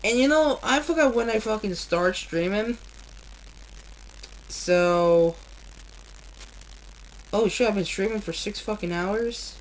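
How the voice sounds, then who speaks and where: Woman, streamer, reads a book aloud, very slow delivery, medium pitch, earnest, swears in asides. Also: a little hiss or hum, rough recording. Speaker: streamer reading a novel aloud. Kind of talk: live-streamed book reading with reactions.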